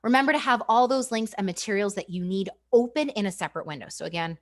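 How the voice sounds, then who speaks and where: Energetic woman presenting a teacher training. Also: mid-range voice, quick pace. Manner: energetic and chatty, often asks "right?". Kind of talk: live online professional development presentation.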